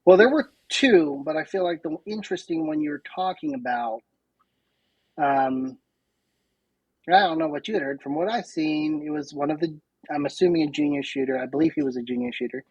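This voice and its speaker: A woman's voice: low-pitched, moderate pace, a little mellow, slightly rough, no echo, dull audio. A woman guest on a podcast, a chatty, self-deprecating storyteller in casual conversation. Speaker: podcast guest, competitive shooter.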